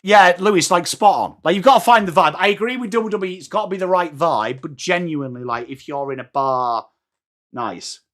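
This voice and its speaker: With a high, slightly bright voice and a brisk pace, this man from England hosts a live watchalong of a match. He calls the action and chats casually, responding to viewers' comments.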